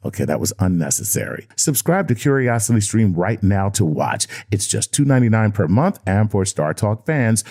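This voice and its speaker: A man's voice: lowish voice, mellow, dry recording, studio quality. A man co-hosting a podcast, joking and self-mocking, with plenty of fillers. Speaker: co-host. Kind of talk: casual podcast banter and ad read.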